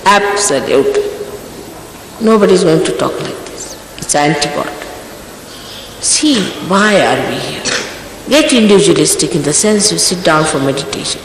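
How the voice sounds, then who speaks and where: A woman delivers a stern spiritual talk, her intonation swinging widely between high and low. The recording is an archival one in a large echoing hall with a faint hiss. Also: expressive, moderate pace, long pauses. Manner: scolding, earnest, exhorting. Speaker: spiritual teacher.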